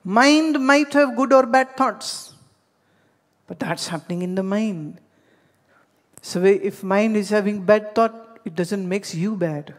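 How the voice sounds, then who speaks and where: A woman's voice: medium pitch, slow pace, in a large hall. A woman from India giving a spiritual discourse, telling stories and addressing her listeners directly. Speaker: spiritual teacher.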